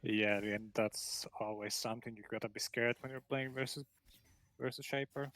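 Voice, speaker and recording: A man giving relaxed, analytical color commentary on a live esports match, in casual phrasing. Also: medium pitch, moderate pace, low-quality recording. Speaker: esports co-caster.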